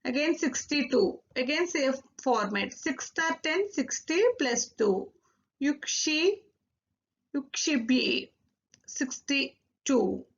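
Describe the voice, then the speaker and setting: High-voiced woman teaching Korean. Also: animated, vocal fry, dull audio. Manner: repeats words slowly, drills syllables. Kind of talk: recorded language lesson.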